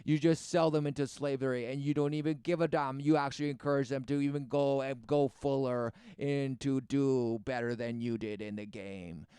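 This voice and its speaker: A man's voice: medium pitch, fairly even intonation, moderate pace, few pauses, warm tone, clear, resonant tone, no room sound. A man giving rambling, preachy religious commentary, repeating words and firing rhetorical questions with sarcasm. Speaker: commentator reacting to a video.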